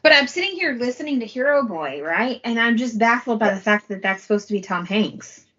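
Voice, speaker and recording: A chatty woman co-hosts a movie podcast, talking animatedly and casually. Her voice is bright. The recording sounds a little dull and lo-fi. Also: a little high, brisk. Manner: chatty, animated, laughs often. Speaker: podcast co-host. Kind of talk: casual film commentary chat.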